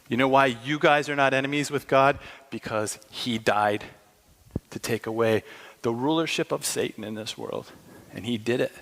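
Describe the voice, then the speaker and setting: A man's voice: mid-range voice, a bit bright, a little hiss or hum. Impassioned preacher man in a reverberant hall. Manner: impassioned, emphatic, acts out dialogue. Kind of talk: sermon.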